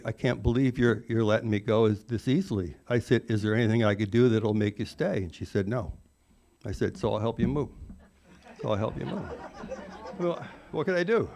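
A man in his forties telling a rambling, self-mocking personal recovery story, full of "you know" asides. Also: medium pitch. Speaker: recovery speaker.

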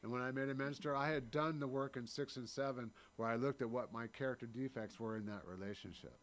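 A man's voice: medium pitch, steady tone, fast talker. A man in his thirties giving an earnest, blunt personal recovery share at a meeting, often tagging his lines with "right?" and swearing now and then. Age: 30s.

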